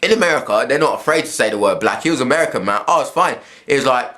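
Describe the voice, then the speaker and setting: A man's voice: medium pitch, expressive, very fast, bright, forceful tone. A young man talks straight to camera in a loose, rambling vlog. He is blunt and swears a lot, restarting his sentences as he goes. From England. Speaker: vlogger. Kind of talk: casual spoken monologue.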